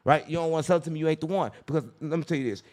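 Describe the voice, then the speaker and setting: Brash fast-talking podcast host man. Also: a little high, darkish tone. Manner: brash, profane, preachy. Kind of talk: casual podcast chat.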